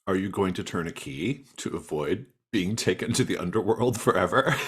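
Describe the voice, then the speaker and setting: Deep-voiced male game master. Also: animated, husky. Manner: casual, halting. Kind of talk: running a tabletop game.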